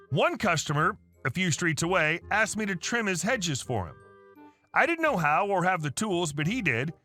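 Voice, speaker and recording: A man narrating reddit stories in a brisk, animated reading style. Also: sits high. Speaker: story narrator.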